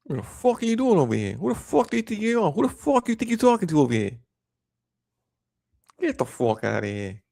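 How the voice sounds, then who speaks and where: A man putting on a hot-tempered, foul-mouthed New Jersey street guy with a New Jersey accent, shouting curses. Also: high voice, huge pitch swings, fairly quick, creaky, pitched above the performer's own voice, heavily acted. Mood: belligerent.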